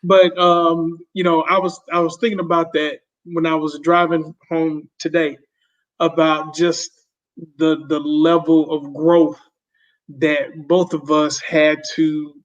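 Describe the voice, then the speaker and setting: A man who is a guest on a podcast, talking in a reflective, halting way and often repeating his words as he chats casually. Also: a little high, little pitch movement. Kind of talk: casual conversation. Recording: dull lo-fi sound.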